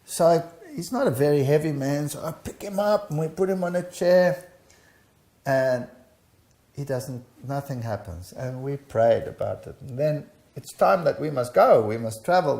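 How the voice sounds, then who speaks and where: A creaky, mid-range voice belongs to an older man being interviewed. Animated as he tells his personal testimony, he acts out the dialogue, and the recording carries a roomy echo.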